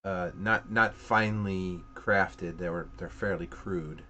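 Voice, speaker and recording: A man narrating as game master in a relaxed, descriptive way. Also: low voice, slow.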